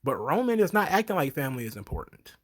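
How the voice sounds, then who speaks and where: Brief: slightly high male voice, casual reviewer, chatty recap full of fillers, laughs, and acted-out quotes. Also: fast. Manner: animated storyteller, acts out quotes in high voices; frequent fillers, laughs often. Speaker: wrestling reviewer.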